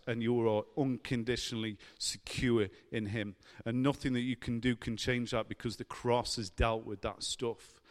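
Guy preaching, earnest then fired up, big echoey church hall. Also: mid-range voice. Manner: earnest, building to fervent emphasis with laughs between. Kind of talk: sermon. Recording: long hall reverb.

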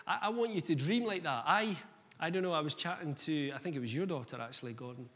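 A man's voice: fairly high pitch, fast. Man preaching in an echoing hall. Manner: energetic, conversational preaching with rhetorical questions. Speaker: guest preacher. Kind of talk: sermon. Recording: long reverb of a hall.

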